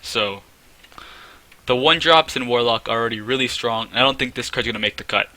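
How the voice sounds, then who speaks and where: Very bright-voiced man reviewing game cards. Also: medium pitch, fairly quick, no room sound. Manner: chatty, self-correcting, rates things out of ten. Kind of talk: casual game card review.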